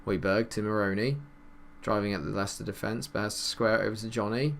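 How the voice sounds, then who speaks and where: A man giving casual, chatty commentary over a football management game, calling plays and getting excited at goals. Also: fairly low pitch, fairly quick, gravelly, slight background noise. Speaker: gaming YouTuber.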